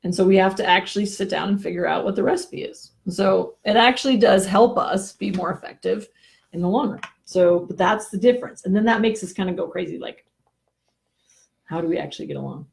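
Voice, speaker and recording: A woman with a gravelly, fry-laden voice makes dry, teasing remarks in a casual discussion. She speaks at a middle pitch, heard over an online call. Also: fairly quick. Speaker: co-host.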